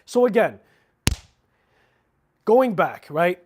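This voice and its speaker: A man's voice: high-pitched, very animated, drawn-out words, background noise. A man hosting a casual livestream about watches, talking in a chatty, slangy, rambling way with frequent restarts. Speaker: watch channel host.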